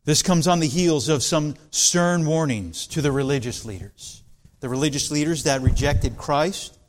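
A man's voice: fairly high pitch, normal speed. A man preaching an expository sermon, earnest and building intensity when quoting scripture. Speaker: pastor.

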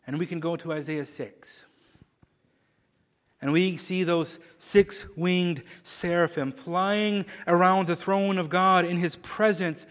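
High-voiced preacher man in a reverberant hall. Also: steady tone, takes it slowly. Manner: emphatic, swings between loud proclamation and hushed low lines. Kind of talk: sermon.

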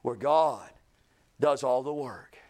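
A man preaching a revival sermon, swinging between loud shouting and hushed low lines. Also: slow.

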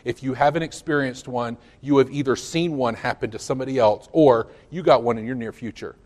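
A hoarse pastor preaching a sermon, a man who swings from loud declarations to low asides. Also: brisk. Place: church sanctuary.

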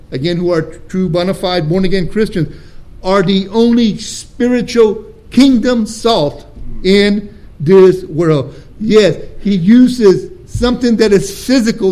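A pastor preaching a sermon with emphatic, deliberate stresses and rhetorical questions to his congregation in church. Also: sits high, mellow.

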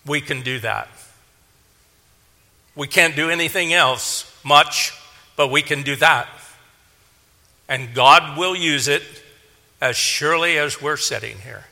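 Slow, bright-voiced preacher in a hall. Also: male voice, gravelly. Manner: earnest, rising to emphatic peaks then dropping low. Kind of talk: sermon. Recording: long hall reverb.

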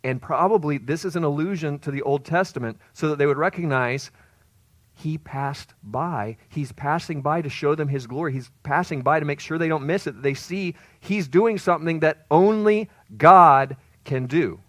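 Expressive male preacher, dry sound. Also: moderate pace, no room sound. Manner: expressive, rises to loud emphasis then drops low. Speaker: pastor. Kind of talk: sermon.

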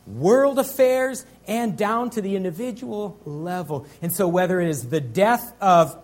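A high-pitched male pastor delivering a sermon. He preaches earnestly, drawing out key phrases and rising in force on the big lines.

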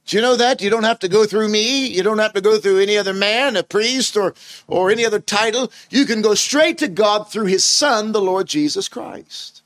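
A man's voice: high voice, normal speed, a bit bright, dry recording. A man preaching a sermon in an earnest, emphatic way, asking his listeners rhetorical questions.

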